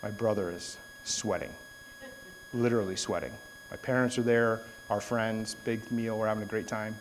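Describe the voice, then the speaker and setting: A man's voice: fairly low pitch, fairly even intonation, normal speed, slight background noise, rough recording. A young adult man giving a sermon, telling a story in a casual way and then turning it into an earnest exhortation. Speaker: preacher.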